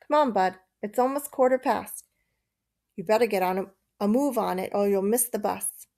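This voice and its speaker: Woman doing a pushy blunt lady waking a kid up, loud, gravelly. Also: medium pitch, moderate pace, close to an everyday voice. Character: blunt adult woman, stepmother type, brisk.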